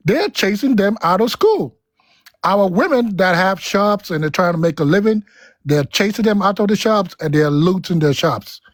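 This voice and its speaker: An emphatic man pressing a question in a live-stream debate, his voice pitched high. He repeats his points again and again. The sound is dry and close. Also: dry recording. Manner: emphatic, repeats himself, pleading.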